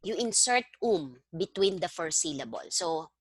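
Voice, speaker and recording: Woman tutor, patient step-by-step explainer, lowish voice, dry sound, video call. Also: lively intonation, moderate pace, husky, no room sound. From Philippines. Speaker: language tutor. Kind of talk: one-on-one online lesson.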